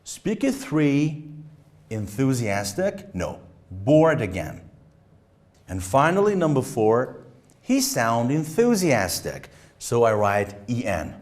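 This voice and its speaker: A male test-prep teacher explains in a slow, unhurried way. His pitch swings widely as he demonstrates rising and falling intonation. His delivery is emphatic and deliberate. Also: very animated. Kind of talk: instructional lesson.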